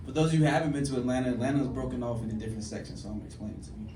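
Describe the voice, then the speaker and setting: A male stand-up comedian telling a story on a club stage, animated, jumping to loud high bursts on the punchlines. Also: rapid-fire. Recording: echoey club, distant mic, audience noise.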